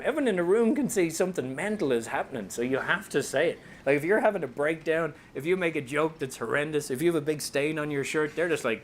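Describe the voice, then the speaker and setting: A man with an Irish accent giving a comedic talk to an audience as a speaker and author, animated and joking, slipping into voices for quotes. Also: on the high side, fast, a little hiss or hum. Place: company talk room with a live audience.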